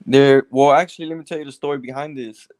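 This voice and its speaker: A man's voice: medium pitch, steady tone, quick pace, a little mellow, no room sound. Rambling male caller telling a story. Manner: rambling storyteller with many restarts. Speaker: caller seeking advice. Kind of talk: casual phone conversation.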